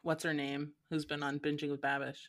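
Woman, low pitch, casual podcast chat, sarcastic, laughing. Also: flat delivery, brisk.

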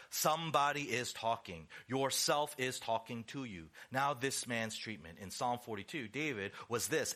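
A man preaching a sermon as pastor, acting out quotes and asking "right?" as he goes. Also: fairly high pitch. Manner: animated, acts out quotes, rhetorical "right?".

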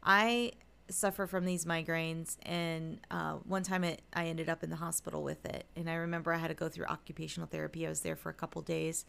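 A middle-aged woman co-hosting a spiritual podcast as a medium, telling a personal story in animated fashion and acting out the voices of the people in it. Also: low voice, brisk, creaky, few pauses, clean tone. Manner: animated storyteller, acts out quotes. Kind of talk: casual spiritual podcast chat.

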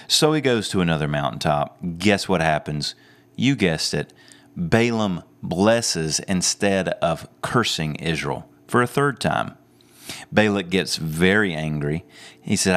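A male preacher giving a sermon, retelling a story with lively, amused storytelling. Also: low voice, measured pace. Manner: animated storytelling with chuckles.

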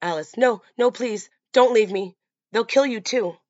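A woman's voice: fairly high pitch, unhurried, a little mellow, no echo, pitched above the performer's own voice, close to an everyday voice. A woman voicing a terrified young female camp counselor, panicked and pleading, in a dull lo-fi recording.

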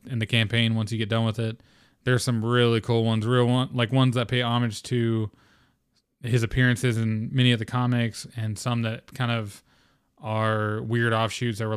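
A man's voice: mid-range voice, clear, resonant tone, dry recording, studio quality. A man hosting a casual solo podcast, rambling with lots of "um" and "like" and swearing freely. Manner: rambling, profane, filler-heavy. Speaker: podcast host.

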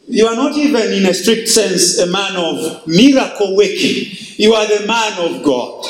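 A man's voice: high voice, roomy sound, low-quality recording. A male pastor preaching emphatically and reading scripture in a sermon.

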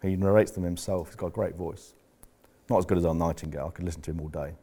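Blunt business coach, very low voice, swears freely, rambling. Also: male voice, fairly even intonation, fast, dark tone, breathy edge. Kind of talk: candid coaching talk to members.

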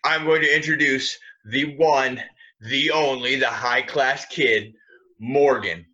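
Bright-voiced man hosting a live stream. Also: mid-range voice, fairly even intonation, slow, lo-fi sound. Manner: upbeat, introduces guests. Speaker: podcast host. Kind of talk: casual chat.

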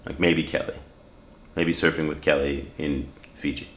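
Very deep-voiced man telling a story. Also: flat delivery, normal speed, a bit bright, slight background noise. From South Africa. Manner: earnest, reflective, with many fillers and restarts. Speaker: podcast guest. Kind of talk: storytelling in casual conversation.

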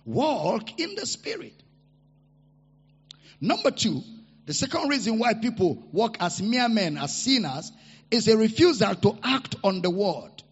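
A man preaching a sermon to a congregation. He repeats his key lines and leads the people in loud declarations. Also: high voice, very animated, measured pace, husky. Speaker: pastor. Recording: reverberant hall, dull lo-fi sound.

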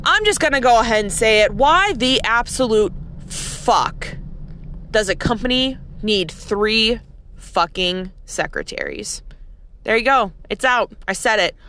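A woman's voice: medium pitch, animated, takes it slowly, bright, forceful tone, a little hiss or hum. A woman who works as a nurse, ranting in a casual, blunt and profane way, with heavy sarcasm. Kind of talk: casual rant to camera.

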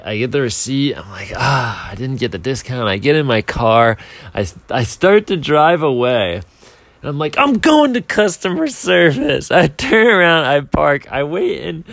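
A man's voice: mid-range voice, gravelly, no echo. A young man telling a casual, self-mocking story, rambling along with filler words and restarts. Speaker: speaker telling a timed anecdote.

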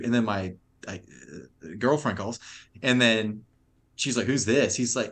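A man's voice: on the low side, measured pace, fairly bright tone. A young adult man on a podcast, telling a long story in rambling, profane, laugh-filled casual chat.

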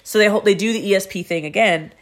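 Animated woman retelling a story, swearing casually. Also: medium pitch, quick pace. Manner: animated, swears freely, acts out quoted characters. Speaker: podcast co-host.

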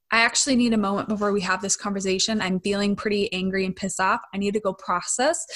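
Young woman podcasting, slightly high voice, keeps saying "right?". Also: fairly bright tone. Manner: conversational, frequent "right?" tag questions. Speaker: podcast host. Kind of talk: casual podcast monologue.

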